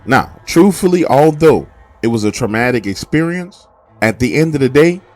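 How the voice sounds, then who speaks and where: A man's voice: mid-range voice, animated, normal speed, darkish tone. A man earnestly narrating a true story from his youth in a conversational way.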